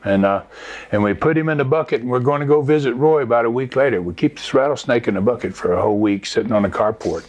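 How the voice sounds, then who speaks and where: A man's voice: mid-range voice, quick pace, a little mellow, dull audio. A man from Mississippi, telling a story in casual conversation as an interview guest. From Mississippi, USA.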